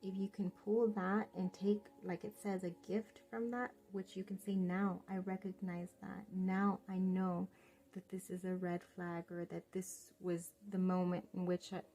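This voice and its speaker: A woman giving a pick-a-card tarot reading straight to the viewer, gentle and reassuring, calling them "love". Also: on the low side, flat delivery, a little slow. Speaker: tarot reader.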